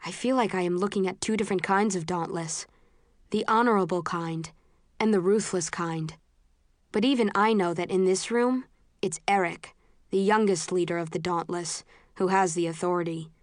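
A woman narrates a novel in the first person, measured and low-key. Her voice sits on the low side and the recording is close and dry, with no room sound. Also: no room sound. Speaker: audiobook narrator.

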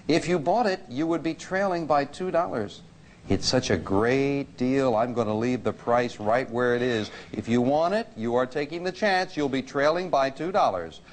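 A man's voice: fairly high pitch, expressive, normal speed. Upbeat man hosting a TV quiz show. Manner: upbeat, reads clues crisply. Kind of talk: brisk game show hosting. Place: TV studio with live audience. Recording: noisy broadcast with loud audience.

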